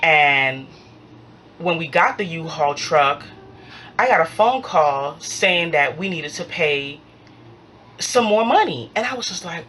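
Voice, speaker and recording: A woman tells a storytime vlog in a low, full voice. She is animated and acts out every quoted line as she goes, with a faint hiss behind her. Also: a little slow. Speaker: vlogger.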